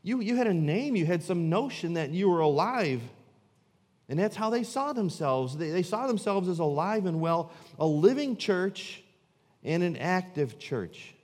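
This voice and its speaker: A man preaching a sermon as pastor, swinging from loud, emphatic lines to low, hushed ones. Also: expressive, moderate pace, big-room sound.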